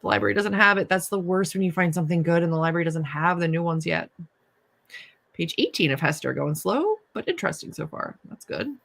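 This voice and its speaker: A woman's voice: lowish voice, expressive, brisk, vocal fry, fairly bright tone. A young woman hosting a casual writing livestream, chatting and reading viewer comments aloud. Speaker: livestream host.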